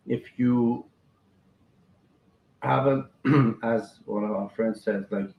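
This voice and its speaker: A man hosting a live stream, inviting viewers to join and talk. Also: medium pitch. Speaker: host. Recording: echoey, muffled stream audio.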